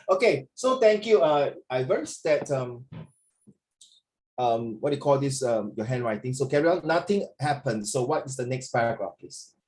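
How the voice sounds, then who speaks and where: A man's voice: medium pitch, lively intonation, normal speed, darkish tone, low-quality recording. A man teaching an online lesson over a video call, playful and teasing as he corrects a student and calls him "my dear".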